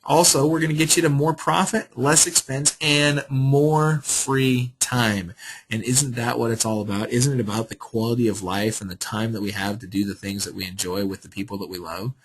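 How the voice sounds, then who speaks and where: A man's voice: medium pitch, fairly even intonation, normal speed, husky, low-quality recording. A man hosting a live webinar Q&A, upbeat and salesy, reading out viewer questions and answering them. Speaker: webinar host.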